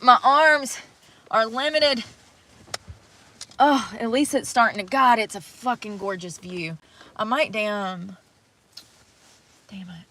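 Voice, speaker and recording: Woman, unhurried pace, chatty and cussing, outdoors on a phone, faint background noise. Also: medium pitch, a bit bright, low-quality recording. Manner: chatty, swears freely, talks to viewers. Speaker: livestreamer. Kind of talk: casual live-stream chat. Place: outdoors in snow by a river.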